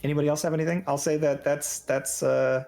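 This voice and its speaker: A man running a tabletop game as game master, describing scenes in unhurried narration. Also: on the high side, fairly even intonation, gravelly, a little mellow.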